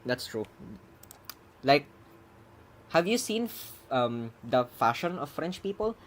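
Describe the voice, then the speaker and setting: A programmer giving casual commentary on their own coding stream speaks slowly in a sing-song, medium-pitched voice. They ramble, chuckle and mutter through debugging while keys clatter behind.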